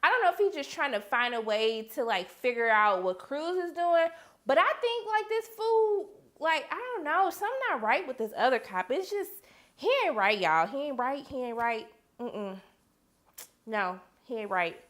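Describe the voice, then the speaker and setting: A young woman reviewing a TV episode in a casual vlog, animated and talking straight to her viewers. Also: normal speed. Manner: quotes characters with sudden high-pitched outbursts.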